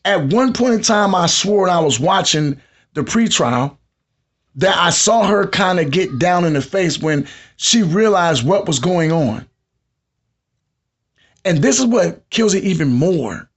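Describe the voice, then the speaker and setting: Hosting a live podcast, a man with a fairly high voice lectures his listeners in a conversational but preachy tone, addressing them directly.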